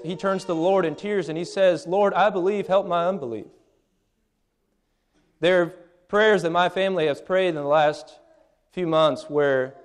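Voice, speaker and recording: A man in his thirties preaching a sermon in an earnest, plain-spoken way, often restarting his phrases. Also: a little high.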